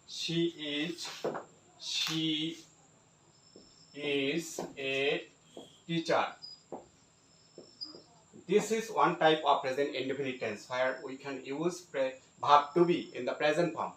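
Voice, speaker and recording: Slow, halting man teaching grammar. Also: on the high side, a bit bright, slight background noise. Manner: slow, halting, many fillers and repeated phrases. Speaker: English teacher. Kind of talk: grammar lesson. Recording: echoey room, mic at a distance.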